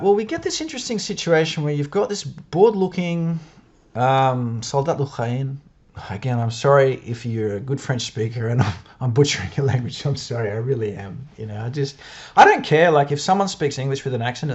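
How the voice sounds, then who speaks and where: A man with an Australian accent giving casual, chatty commentary to camera, often laughing and second-guessing himself. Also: medium pitch. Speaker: video creator analysing newspapers. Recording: dull lo-fi sound.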